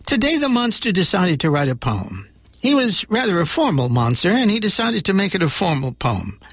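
A man's voice: high-pitched, sing-song, normal speed, husky, dry recording, studio quality. A man hosting a radio show, reading a children's story aloud with voiced characters. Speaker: radio host.

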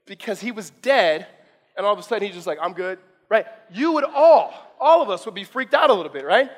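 A man in his thirties, a pastor preaching a sermon in a conversational, animated way, often repeating words as he goes. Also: high-pitched, fairly quick. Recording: long hall reverb.

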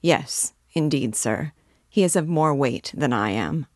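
A woman's voice: very deep voice, expressive, measured pace, a little mellow, no echo, studio quality, full character voice. A woman reading the lines of a timid male office messenger who speaks with fussy, overly polite deference. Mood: deferential.

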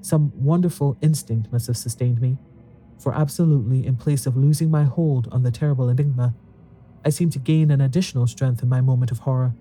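A man's voice: mid-range voice, warm tone. A man narrating a horror story in an intense, dramatic reading, rising to fearful pleading in the dialogue. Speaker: audiobook narrator.

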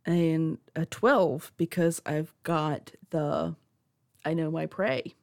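A woman playing a tabletop horror game, expressive and quick to laugh. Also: low voice, gravelly, no echo, clean studio sound. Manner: giggly, expressive. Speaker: player.

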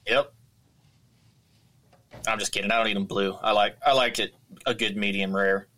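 A man's voice: fairly low pitch, steady tone, normal speed, sharp tone. A man from Washington state talking casually and easygoingly about hunting. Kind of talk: casual chat.

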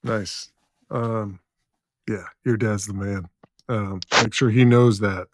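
A man hosting a casual interview, unhurried and reading out shared memories with frequent ums. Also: fairly low pitch, fairly even intonation, background noise. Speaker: podcast host.

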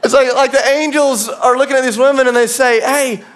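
A man's voice: very high-pitched, steady tone, brisk, clear, resonant tone. A man giving a church sermon in a conversational, earnest way, sometimes laughing at himself. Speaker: pastor. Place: church auditorium.

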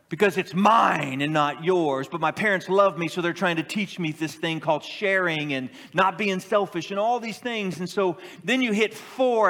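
A middle-aged pastor preaching a sermon in a church, animated and joking with the congregation. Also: male voice, sits high. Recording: long hall reverb.

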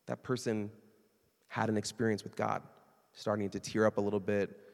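A man preaching a sermon in a conversational, animated way, sometimes acting out quoted voices. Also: lowish voice, normal speed, vocal fry, long reverb tail. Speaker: pastor.

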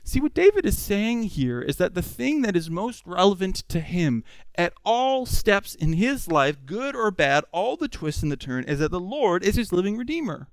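A male preacher delivering an expository sermon in an animated, conversational way, full of rhetorical questions. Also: high voice, normal speed, clean tone, dry recording.

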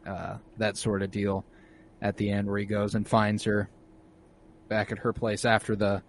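A man's voice: on the low side, completely flat delivery, moderate pace, a little hiss or hum. A young man in casual conversation about a movie, laid-back and given to swearing, now and then acting out the characters' lines. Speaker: co-host discussing a film. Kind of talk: casual chat.

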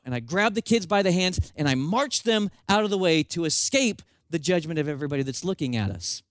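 A man preaching a sermon with animated storytelling and self-mocking humor. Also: fairly high pitch, a little fast, few pauses, no room sound. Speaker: pastor.

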